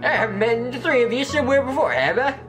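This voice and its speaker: A man with a slight lisp voicing a gruff southern male swordsman, reading game dialogue in a drawling, put-on American Southern accent. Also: extremely high pitch, lively intonation, quick pace, music in the background, pitched above the performer's own voice. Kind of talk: game dialogue read aloud.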